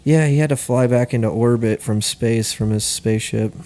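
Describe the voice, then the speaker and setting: A young man co-hosting a podcast in casual chat, animated and prone to high-pitched outbursts. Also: moderate pace. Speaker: podcast co-host.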